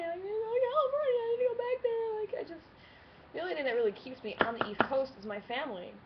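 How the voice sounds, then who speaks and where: A woman's voice: a little high, creaky. A woman in her twenties talking candidly to camera in a casual vlog, swearing freely and laughing often. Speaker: vlogger. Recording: slightly dull lo-fi webcam sound with faint hiss.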